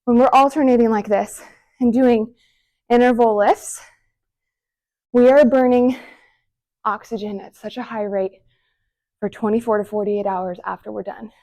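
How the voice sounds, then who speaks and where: A woman's voice: fairly high pitch, steady tone, measured pace, long pauses, dark tone. Breathless upbeat woman coaching a workout. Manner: encouraging, counting down reps between short breathy exhales. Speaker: fitness instructor. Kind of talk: follow-along workout instruction.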